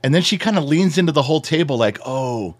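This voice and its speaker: A middle-aged man co-hosting a casual talk show, telling stories in an animated way and swearing freely. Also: on the high side, very fast. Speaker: podcast co-host. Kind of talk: casual chat.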